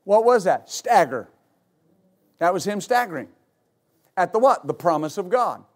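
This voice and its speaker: A male pastor preaching a sermon, rising into repeated, shouted exhortations to his congregation. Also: high voice, very animated, a little slow. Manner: builds to shouted, repetitive exhortation.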